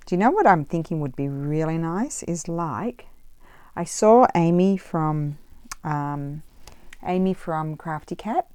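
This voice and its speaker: Low voiced lady rambling to her viewers while she glues and stitches, chatty, goes off on tangents. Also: lively intonation, slow, a little mellow, clear, resonant tone, no room sound. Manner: thinks aloud while working. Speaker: craft vlogger. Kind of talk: casual chat while crafting.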